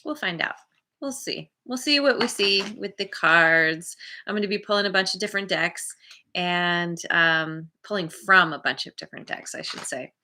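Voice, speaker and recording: A woman's voice: fairly low pitch, normal speed, pushed and bright. A woman doing a casual tarot reading to camera, chatty and meandering, laughing at herself. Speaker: tarot card reader.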